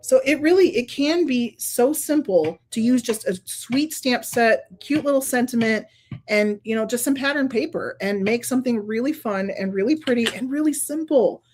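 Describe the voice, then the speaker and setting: A woman with a slightly raised pitch hosts a casual card-making stream. She talks her way through each step, laughing often and gushing openly as she thinks aloud. Her delivery is loose and conversational, full of warm asides. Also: normal speed. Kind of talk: casual crafting demonstration.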